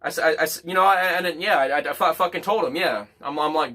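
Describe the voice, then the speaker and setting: Man, casual, bright higher voice, rambling storyteller who swears a lot. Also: fast talker. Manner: rambling, repeats words, swears freely. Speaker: guest.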